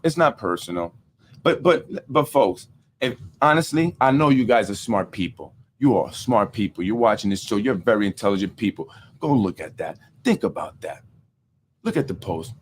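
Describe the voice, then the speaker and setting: A man hosting a casual political podcast, talking in an animated way, repeating himself and using street-casual slang. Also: on the low side, a little hiss or hum. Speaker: podcast host.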